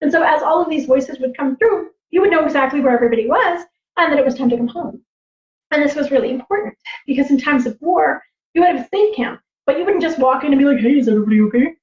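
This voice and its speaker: A woman storyteller and teacher on a livestream, animated and laughing, acting out voices as she tells stories. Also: high voice. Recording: roomy, slightly dull livestream audio.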